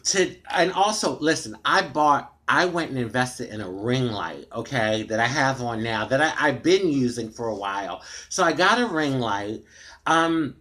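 Her voice is extremely low but fairly bright and animated, at a normal speed. She's an American vlogger in a dimly lit room at home, rambling candidly and with frustration into her tablet camera, full of "you know"s.

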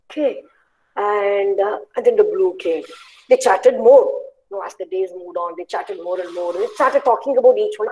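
A woman telling a children's story in an online webinar, animated and chatty with many "you know"s. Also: medium pitch, moderate pace, low-quality recording. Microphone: video call.

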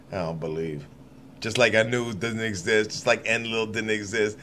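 Guy with a low voice reading scripture on his channel, keeps rambling off and laughing, bit of hiss behind. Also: steady tone, a little slow, pushed and bright. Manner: rambling, laughing asides, irreverent. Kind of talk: casual scripture reading with running commentary.

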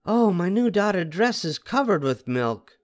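A man's voice: fairly high pitch, very animated, moderate pace, pitched above the performer's own voice. An older man voicing a tearful young girl who speaks plaintively.

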